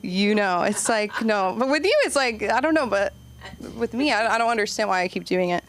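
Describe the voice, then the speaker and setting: A young woman does a stand-up set at an open mic on a comedy club stage, rambling and self-deprecating, full of "like" and trailing asides. Her mid-range voice is expressive and fairly quick.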